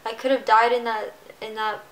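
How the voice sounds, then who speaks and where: A woman in her twenties talking to camera about something personal, halting and emotional, with many restarts. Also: a little high, little pitch movement, fairly bright tone, poor audio. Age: 20s. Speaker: vlogger. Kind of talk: personal vlog confession.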